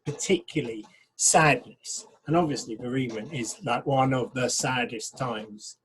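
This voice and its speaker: A man, a pastor, talking frankly and thoughtfully in a casual discussion, getting animated when he quotes people. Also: mid-range voice, normal speed, slight background noise, low-quality recording.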